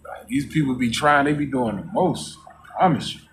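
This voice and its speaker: Speaking at a moderate pace with slight background noise, a man delivers a preachy vlog monologue and repeats his phrases as he goes. "You know what I'm saying" comes up again and again, and he mocks coworkers by putting on a high voice.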